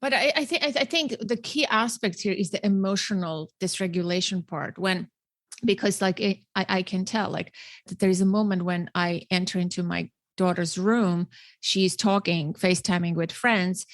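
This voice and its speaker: A woman's voice: on the low side, normal speed, dry recording. A middle-aged woman hosting a parenting podcast, talking earnestly and often repeating words as she thinks. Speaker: podcast host. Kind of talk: casual conversational interview.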